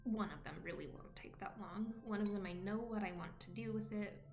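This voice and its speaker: A woman's voice: mid-range voice, a little fast, darkish tone, echoey room, faint music behind. A woman chatting casually on a home stream, rambling and often dropping into a whisper. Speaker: vlogger. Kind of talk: casual chat while streaming.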